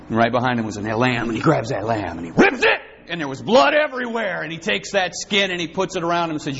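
A pastor preaching a sermon, swinging between loud, dramatic lines and hushed ones. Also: male voice, mid-range voice, very animated, quick pace, few pauses. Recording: dull lo-fi with faint hiss.

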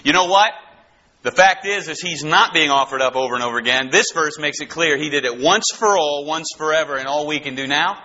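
A man preaching an expository sermon, emphatic and animated, repeating key phrases. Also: a little high, brisk. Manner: animated, emphatic repetition with rising bursts. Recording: dull lo-fi recording.

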